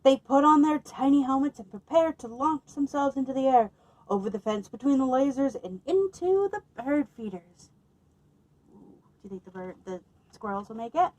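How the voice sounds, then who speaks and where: A woman librarian reading a picture book aloud at children's story time, expressive and lively, pausing to ask her listeners questions. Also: sits high, poor audio.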